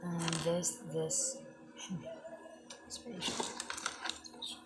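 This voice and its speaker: A woman's voice: fairly low pitch, extremely slow, a bit bright, soft background music. A woman unboxing toys in casual, playful commentary. She chats to the toy figures and apologizes to them, with non-native phrasing. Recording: noisy home recording.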